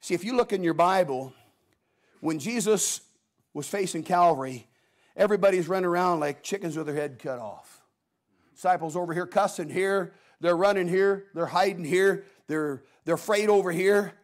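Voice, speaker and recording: A middle-aged man preaching a Sunday evening sermon in a folksy, animated way, acting out quotes as he tells the story. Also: high-pitched, normal speed. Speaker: guest preacher.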